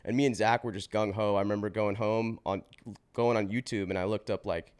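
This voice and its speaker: A man in his twenties, a podcast guest, telling his life story in a casual, slangy way with swearing and quick restarts. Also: lowish voice, fairly even intonation, darkish tone, clean tone. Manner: slangy and swearing, says bro and dude; fast run-on telling with restarts.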